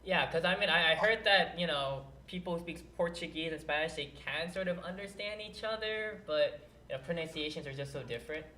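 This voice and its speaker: Male stream host, bright and pushy tone, muses aloud as he plays; echoey room. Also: on the high side, fairly quick, hardly any pauses, a little hiss or hum. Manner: curious, thinks aloud while playing. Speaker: livestream host. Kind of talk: casual gameplay chat. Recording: roomy echo.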